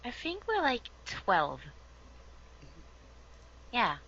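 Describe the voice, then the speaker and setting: Woman, Swedish accent, non-native English, interview guest, lively, frequent fillers, lo-fi sound. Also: a little high, extremely slow, slight background noise. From Sweden. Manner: lively, laughs often, many fillers. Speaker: voice actress guest. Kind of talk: casual interview chat.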